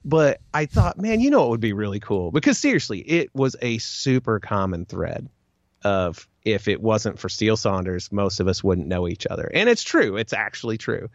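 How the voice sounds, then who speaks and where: A man's voice: on the low side, very animated, normal speed, no room sound, lo-fi sound. A man co-hosting a podcast, chatting casually and telling a rambling story with plenty of fillers. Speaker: podcast co-host. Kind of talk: casual chat.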